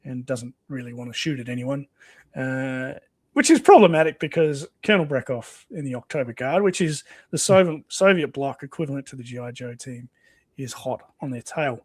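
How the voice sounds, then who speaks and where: A man's voice: mid-range voice, animated, moderate pace, darkish tone, no room sound. A man hosting a casual comic read-along, chatty and laughing often. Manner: chatty, laughs often, voice rises and falls a lot. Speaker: host.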